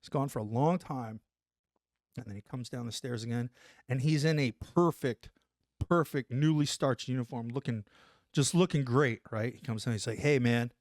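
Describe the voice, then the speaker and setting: A man and former Army Ranger telling a story in a casual interview, animated and profane, acting out the dialogue. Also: mid-range voice, moderate pace, dry recording, studio quality.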